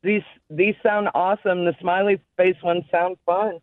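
A woman's voice: on the low side, steady tone, normal speed, no room sound. Woman caller on a tinny phone line. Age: 30s. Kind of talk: phone-in call.

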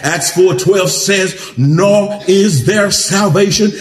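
A man preaching a sermon as pastor, mixing jokes with loud, soaring shouts. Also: takes it slowly, soft background music. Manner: preaching with humor, swings into loud high-pitched shouts. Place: church. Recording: echoey church hall.

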